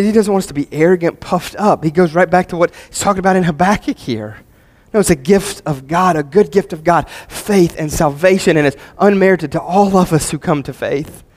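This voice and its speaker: A male pastor preaching a sermon, earnest, repeating key phrases and swinging from emphatic peaks to quiet, low passages. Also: a little fast.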